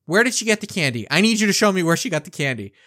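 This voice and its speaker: A man's voice: high-pitched, very animated, racing, pushed and bright, voice pushed up, full character voice. A man voicing his alarmed elderly grandmother in a slightly raised, urgent voice.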